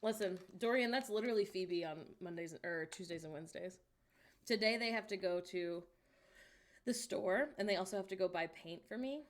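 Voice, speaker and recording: A woman streaming, chatting casually and reacting wryly out loud to what she finds while browsing online. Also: medium pitch, moderate pace.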